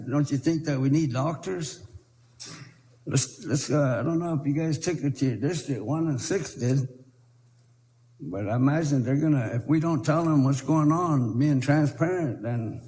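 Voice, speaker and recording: In a council chamber, a man with a medium-pitched, darkish voice speaks as a tribal council representative during a debate. He's earnest and pleading and repeats himself, and the room sounds echoey with faint noise.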